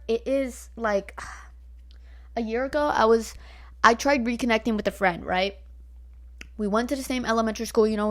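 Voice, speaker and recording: A nineteen-year-old woman from Northern California, ranting bluntly at home into her laptop mic, swearing freely and filling her talk with likes and rights. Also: fairly high pitch. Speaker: vlogger. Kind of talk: casual ranting storytime. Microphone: laptop built-in mic.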